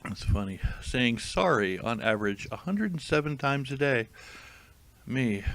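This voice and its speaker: A man's voice: mid-range voice, expressive, unhurried, creaky, a bit bright. A man reading jokes aloud and commenting on them in a dry, amused, casual way. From United States. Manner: dry, amused, chuckling asides. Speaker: comedic reader of tweets.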